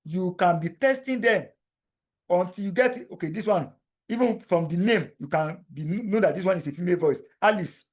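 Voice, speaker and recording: A man guides the viewer through a software tool step by step, speaking over a screen recording. He talks straight to the learner and circles back to repeat each instruction. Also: high-pitched, normal speed. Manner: repetitive, step-by-step explaining, addresses viewer directly. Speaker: tutorial instructor.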